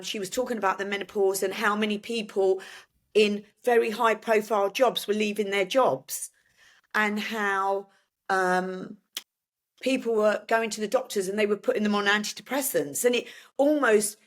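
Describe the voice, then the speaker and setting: An older woman, a podcast guest, telling her story haltingly with many restarts and fillers. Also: mid-range voice, fairly even intonation. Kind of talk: emotional personal conversation.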